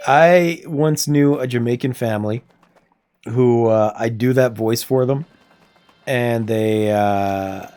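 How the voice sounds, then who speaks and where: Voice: medium pitch, slow pace, mellow. A streamer chatting casually while playing a game, talking to themself and laughing often, with faint game music behind. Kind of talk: casual livestream chat while gaming.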